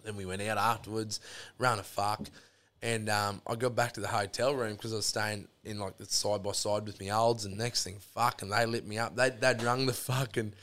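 Swearing Australian bloke spinning yarns. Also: male voice, fairly low pitch, fairly even intonation, normal speed, fairly bright tone. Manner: rambling, heavy swearing, lots of fillers. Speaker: podcast guest. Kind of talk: casual storytelling chat.

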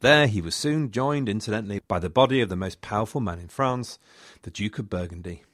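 A man's voice: on the low side, fairly quick, no echo, clean studio sound. A man narrating history as a podcast host, with wry, chatty asides. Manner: wry, lively storytelling with asides.

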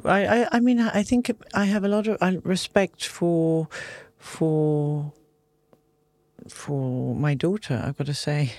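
A woman's voice: low voice, a little mellow, dry recording. A woman in her fifties, chatting as an interview guest, talking openly and emotionally with many restarts and trailing phrases. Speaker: guest, yoga instructor. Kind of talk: casual conversational chat.

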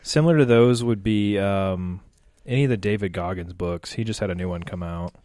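A man with a fairly low voice talks as a podcast guest, relaxed and offhand. He jokes and swears freely. The recording is dry and close, with no room echo. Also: fairly quick. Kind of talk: casual chat.

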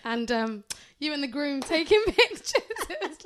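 A woman's voice: high-pitched, sing-song, moderate pace. A woman hosting a casual chat podcast, bubbly and teasing, laughing often. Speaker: podcast host.

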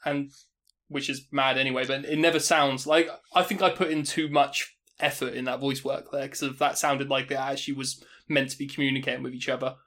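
A man's voice: medium pitch, flat delivery, a little fast, a bit bright. A British man co-hosting a podcast, chatting casually about games with a laugh between points. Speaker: podcast co-host. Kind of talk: casual gaming chat.

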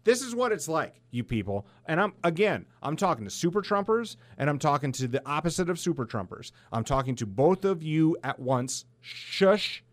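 A man's voice: on the high side, sing-song, a little fast, hardly any pauses, no echo. A middle-aged man from South Dakota, hosting a podcast in a heated, blunt monologue full of swearing. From South Dakota, USA. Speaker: podcast host. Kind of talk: profane ranting monologue.

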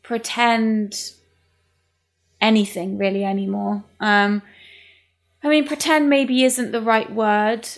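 A woman's voice: a little high, fairly even intonation, slow, pauses often. A woman, talking candidly in casual podcast chat and swearing freely.

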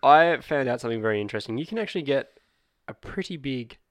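A man's voice: medium pitch, lively intonation, fast, no echo. Chatty Australian man, dry close sound. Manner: rambling, laughing, chatty. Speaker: podcast co-host. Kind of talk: casual chat.

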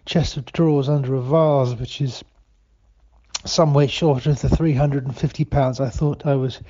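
Man doing a dazed confused guy on voicemail, halting, mellow soft voice, muffled lo-fi sound. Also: medium pitch, fairly even intonation, natural voice. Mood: dazed worried. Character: dazed, bewildered British man after a bad drug trial. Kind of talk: comedy voicemail sketch.

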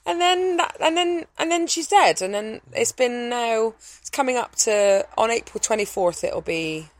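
A woman comedian with a lilting voice, chatting casually and swearing freely. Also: dry recording. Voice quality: lilting speech. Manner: lively, swears freely, quick swings in pitch when worked up. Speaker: comedian and podcast guest. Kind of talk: casual conversational chat.

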